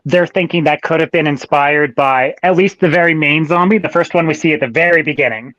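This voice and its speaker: A man chatting casually in a movie review panel, animated and swearing, acting out scenes. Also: on the high side, brisk, no echo, lo-fi sound. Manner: animated, swearing, acts out scenes in quoted voices.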